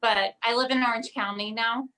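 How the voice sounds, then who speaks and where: A middle-aged woman from Ohio chats as a stand-up comic guest, brash and profane, laughing between punchlines. Her voice is bright and forceful and sits a little high. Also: steady tone, normal speed. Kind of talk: casual chat.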